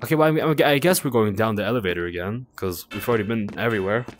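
A young man giving casual commentary while he plays a game, excitable and cooing at a creature in baby talk. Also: lowish voice, very fast, faint music behind. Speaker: gaming video creator.

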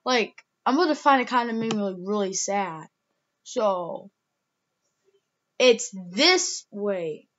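A woman's voice: medium pitch, animated, slow pace, long pauses, fairly bright tone, lo-fi sound. A young woman vlogging casually, rambling with lots of "like" and restarts, emotional and close to tears. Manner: rambling, heavy use of "like", many restarts. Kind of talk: casual vlog talk.

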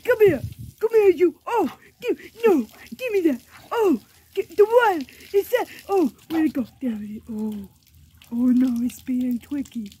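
Woman doing a squeaky, excited little warrior dog. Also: measured pace. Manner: squeaky, excited, stammering, baby-talk grammar. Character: playful, boastful pet dog battling water. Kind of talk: voicing a pet for a home video.

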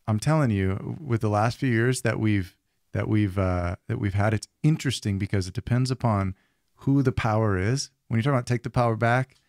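A man's voice: on the low side, brisk, darkish tone, no echo, clean studio sound. A man co-hosting a podcast in casual chat, rambling with many fillers and restarts. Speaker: podcast co-host.

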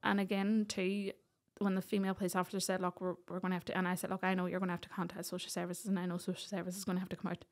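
A woman's voice: on the low side, little pitch movement, rapid-fire, few pauses. A woman, a podcast guest earnestly recounting a personal story and acting out what others said.

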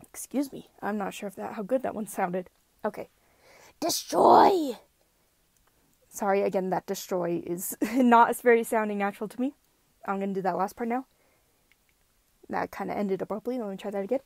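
A woman talking casually between voice takes, with an even, middle pitch. She keeps apologizing and putting herself down as she rambles along. The sound is dry and close. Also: fairly quick, creaky, no echo. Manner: apologetic, self-deprecating, rambling. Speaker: fan voice actor. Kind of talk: casual recording-session chatter.

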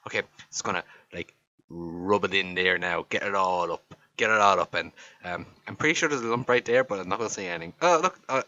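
A young man with an Irish accent riffs over a makeup video, mock-exasperated and teasing. His voice is bright and bouncy, swinging widely in pitch. The sound is dry and a little dull. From Ireland. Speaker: voiceover commentator.

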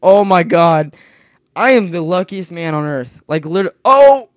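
Young male gamer, slightly high voice, rambling and excitable, dry close mic. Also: normal speed, no echo. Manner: rambling, excitable, yelps when startled. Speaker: gaming video creator. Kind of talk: casual gameplay commentary.

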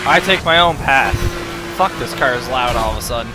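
A young man commentating a racing game, swearing angrily at it and breaking into loud shouts and yelps. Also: expressive, brisk. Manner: angry, profane ranting at the game; shouts and yelps in sudden high bursts. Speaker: gaming YouTuber. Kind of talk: let's play commentary. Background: game music and car engine sounds.

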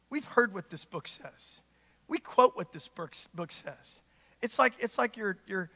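High, bright-voiced man preaching a sermon. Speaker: pastor. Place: church sanctuary. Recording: long church-hall reverb.

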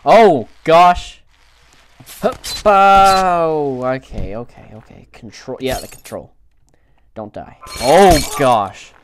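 Excitable young man doing game commentary. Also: medium pitch, slow pace, slight background noise. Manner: excitable, frequent outbursts and groans. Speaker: gaming channel host.

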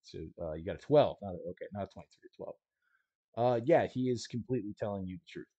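A man running a tabletop game as game master, casual and quick to laugh, often correcting himself mid-sentence. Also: fairly low pitch, dark tone, no room sound, highs cut off.

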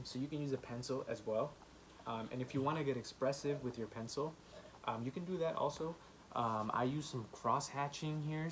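A man giving a children's art lesson, gently encouraging and talking with many "um" fillers while he draws. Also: mid-range voice, a little hiss or hum. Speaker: art teacher.

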